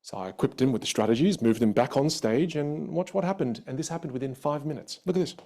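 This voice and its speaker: A man teaching a live online communication workshop, lively and dramatic, acting out the voices of the people in his stories. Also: fast, creaky. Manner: animated, acts out quoted voices with big pitch jumps. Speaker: communication coach.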